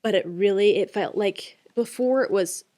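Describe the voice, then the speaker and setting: A woman's voice: mid-range voice, normal speed, warm tone. A woman in her twenties, a podcast co-host, chatting casually and emotionally with many fillers. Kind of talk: casual chat.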